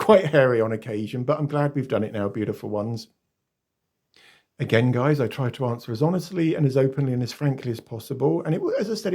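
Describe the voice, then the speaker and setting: A man with an English accent, chatting casually to his viewers in a vlog question-and-answer session. He talks warmly and directly to the camera, laughs often and pokes fun at himself. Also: medium pitch. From England. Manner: chatty, often calls viewers "guys" and "beautiful ones"; laughs often, self-deprecating. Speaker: YouTuber. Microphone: phone.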